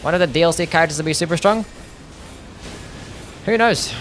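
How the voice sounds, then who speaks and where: A man's voice: fairly high pitch, a little fast, fairly bright tone, a little hiss or hum. A young man streaming a game live, talking casually, swearing and reading chat aloud. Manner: laid-back, swears, reads chat aloud. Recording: faint music behind.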